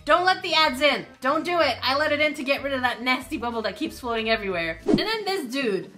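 Bright-voiced woman streaming a mobile game. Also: high voice, expressive, a little fast, hardly any pauses, soft background music. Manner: playful, reads game text aloud and reacts. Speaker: gaming streamer. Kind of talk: casual let's-play commentary.

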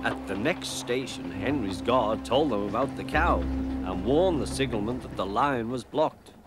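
A British man narrating a children's storybook in a measured, expressive way. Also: mid-range voice. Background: music.

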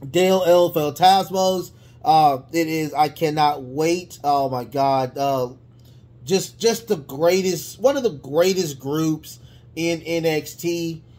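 A wrestling show reviewer with a voice a little higher than most men's recaps a show in loose, casual speech. He rambles, stumbles through restarts and fills pauses with "uh" and "um" before lighting up with excitement.

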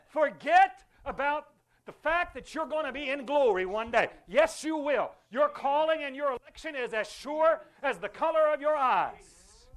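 A man's voice: very high voice, expressive, unhurried, fairly bright tone. A man pastor preaching a fervent sermon in a church, calling on the congregation to repeat after him. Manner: fervent preaching with call-and-response. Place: church sanctuary.

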